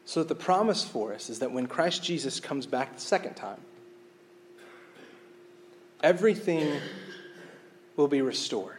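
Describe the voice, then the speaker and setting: A male pastor delivering a sermon in a slightly raised voice. He speaks earnestly, doubling words as he restarts, and drops into quiet emphasis on key points. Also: a little high, expressive, unhurried, pauses often, slight background noise. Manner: reads scripture aloud.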